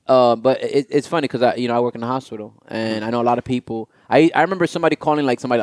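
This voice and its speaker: A man co-hosting a casual chat among friends, telling stories in a quick, loose way with many restarts. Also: mid-range voice, a little mellow, no echo. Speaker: podcast co-host.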